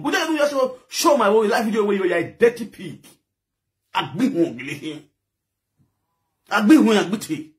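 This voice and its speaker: A man from Edo State with a Nigerian accent, delivering a heated, scolding online rant that switches between pidgin and a local language. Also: high voice. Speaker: social media commentator.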